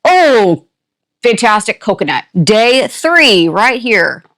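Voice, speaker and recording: An older woman hosting a casual unboxing, chatty and playful with quick asides and a jokey put-on country twang. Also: a little high, very animated, a bit bright, a little hiss or hum. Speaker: unboxing channel host. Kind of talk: casual product unboxing chat.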